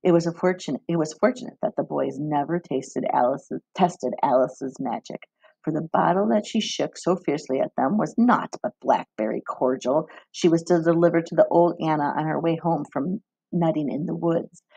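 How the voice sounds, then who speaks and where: A woman reading a novel aloud in a measured storybook manner, doing voices for the characters. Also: deep voice, gravelly, warm tone, slightly rough, dry recording, low-quality recording. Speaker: reader.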